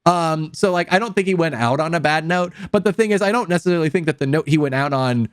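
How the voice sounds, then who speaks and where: A man's voice: on the high side, fast talker, clean tone, no room sound. A man chatting casually about a film, rambling with many fillers. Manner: rambling, heavy use of filler words. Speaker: podcast co-host.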